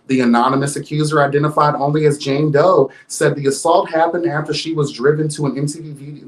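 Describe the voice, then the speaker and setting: A man's voice: a little high, roomy sound. A man hosting a livestream gossip show, sassy and flamboyant, reading news with his own commentary. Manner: sassy and flamboyant, peppered with interjections; reads news aloud with commentary. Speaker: host.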